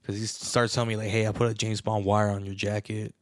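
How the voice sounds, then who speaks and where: A young man casually telling a long story on a podcast, animated and profane, calling everyone bro. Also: on the low side, fast, dry recording, studio quality. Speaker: podcast co-host.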